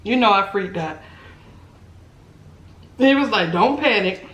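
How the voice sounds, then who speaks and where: A woman vlogger telling a story in a casual chat, animated and laughing often, acting out what people said. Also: mid-range voice, slow pace, dull audio. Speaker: mukbang vlogger. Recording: roomy echo, faint background noise.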